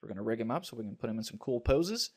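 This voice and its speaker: A man teaching a software tutorial over a screen recording, talking in a relaxed way and thinking aloud with fillers. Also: mid-range voice, rapid-fire.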